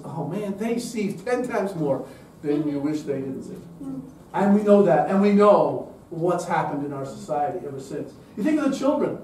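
A man's voice: on the high side, big pitch swings, normal speed, darkish tone, very echoey, recorded from a distance, slight background noise, low-quality recording. A man giving an emphatic lecture-style talk at a public event, posing rhetorical questions to the audience.

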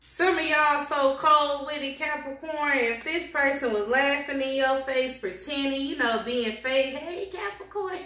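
A woman reading tarot cards for her viewers in a blunt, slangy, animated way. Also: high-pitched, measured pace, hardly any pauses. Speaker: tarot reader. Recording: echoey room with faint noise.

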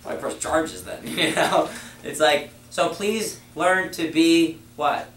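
A man with a slightly high voice runs a classroom sales training session for a room of new reps, teaching slowly but energetically and acting out short example dialogues. The room is echoey, the mic is far off, and there's a little hiss or hum.

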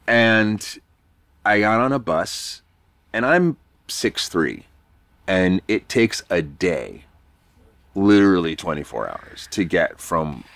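A man's voice: low-pitched, gravelly, a bit bright. A man from New York, a podcast guest, telling a rambling, self-deprecating story in a casual, swearing way.

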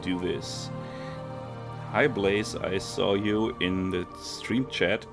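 Man, gaming commentary, very low gravelly voice, game music underneath. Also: fairly even intonation, extremely slow. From Germany. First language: German. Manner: thinking aloud, self-correcting. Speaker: let's play streamer. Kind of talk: casual gameplay commentary.

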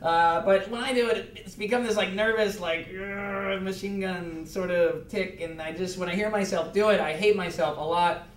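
Rambling nervous man, high voice. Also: normal speed. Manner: rambling, nervous, stammering, with fillers and laughs. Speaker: quality control manager in a meeting. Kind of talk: awkward improvised self-introduction. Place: conference room on a video call. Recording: echoey room from far off.

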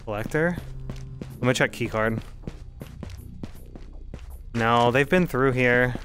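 A male streamer talks his audience through a run in an easy, middle-pitched voice, thinking aloud as he goes. Faint music plays behind him. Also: slow pace, fairly bright tone. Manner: chatty, thinking aloud while playing. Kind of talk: live gameplay commentary to chat.

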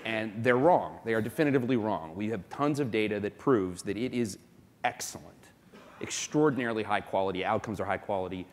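A man from South Florida speaking as a company executive on a conference panel, emphatic and quick to make his point. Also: on the low side. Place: conference hall. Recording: long reverb of a conference hall.

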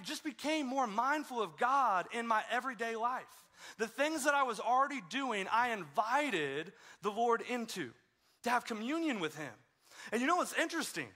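A man's voice: extremely high pitch, sing-song, normal speed, pushed and bright. A man preaching a conversational sermon as a pastor, telling stories in a casual way with self-deprecating humor. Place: church sanctuary.

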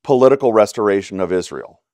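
A man's voice: fairly low pitch, expressive, quick pace, a little mellow, dry recording. A man with a Texan accent teaching a church Bible study in a conversational way, often checking in with "right?". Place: church classroom.

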